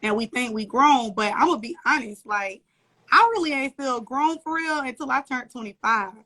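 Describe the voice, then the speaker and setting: A woman's voice: on the high side, moderate pace, bright, forceful tone. A young woman, a guest and mother, chatting casually and laughing often on a live video call from a little corner at home. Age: young adult. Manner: laughing often, loose slangy storytelling. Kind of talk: casual interview chat.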